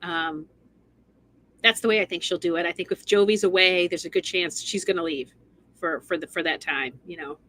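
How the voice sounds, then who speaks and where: A woman co-hosting a casual recap chat, giving thoughtful, measured opinions. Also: lowish voice, fairly even intonation, fairly bright tone. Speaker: co-host.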